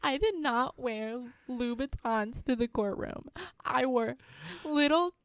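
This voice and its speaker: Brief: shrill, weepy young woman pleading her case, done by a woman co-host, close and dry. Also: slow, smooth, no room sound. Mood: indignant, weepy. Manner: high, dramatic, whiny. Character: shrill, tearful young woman leaving an angry voicemail.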